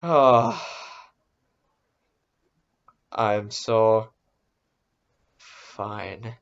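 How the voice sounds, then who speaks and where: A man's voice: on the low side, very slow. A man hosting a casual reaction video, easily startled and exclaiming, talking himself into being brave. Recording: dull lo-fi recording.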